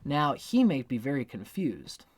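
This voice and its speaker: Male teacher, mid-pitched, casual lecture voice, acts out his examples. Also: huge pitch swings, a little slow. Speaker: astrology teacher. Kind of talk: casual spoken book review.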